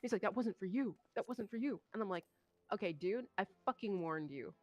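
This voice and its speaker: A woman's voice: mid-range voice, a little fast. Swearing young woman telling a story. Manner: animated, swearing, acts out quoted voices. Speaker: streamer. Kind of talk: casual storytelling chat.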